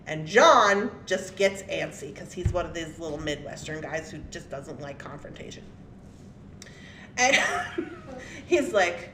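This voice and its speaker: A woman with a low, unhurried voice hosts her craft and jewelry channel, telling viewers a blunt story in an animated, laughing way. The echoey room has faint ambience and slight background noise.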